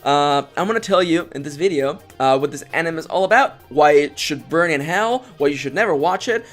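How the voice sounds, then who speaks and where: A young man rants through a casual review with sarcasm and a forced, over-excited tone. His voice sits somewhat high for a man. Faint music plays behind him. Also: a little fast. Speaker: anime reviewer, channel co-host.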